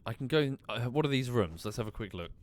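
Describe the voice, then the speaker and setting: A man's voice: mid-range voice, lively intonation, fast, a little mellow, slight background noise. A man streaming a mystery game, casually thinking aloud, muttering and swearing now and then. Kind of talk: casual gameplay commentary.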